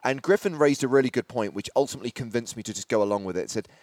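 A man with a middle-pitched voice chats as podcast co-host, measured and wry in how he tells things. His voice sits dry and close to the mic. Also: a little mellow, dry recording. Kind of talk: casual chat.

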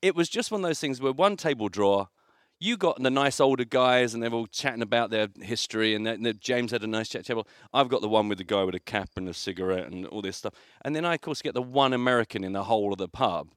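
A man's voice: medium pitch, fast talker, no echo, clean studio sound. A man co-hosting a podcast, telling a story in casual chat and slipping into quoted voices. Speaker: podcast co-host.

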